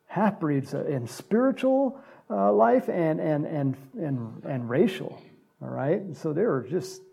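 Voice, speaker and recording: A man's voice: on the high side, creaky, dark tone, slightly rough. A man preaching a conversational sermon as a pastor, acting out Bible characters in little voices.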